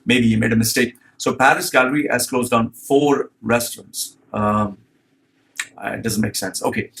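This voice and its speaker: A man's voice: medium pitch, fairly even intonation, moderate pace, gravelly, fairly bright tone, a little hiss or hum. A man hosting a commentary vlog as a resume consultant, blunt and profane as he rants.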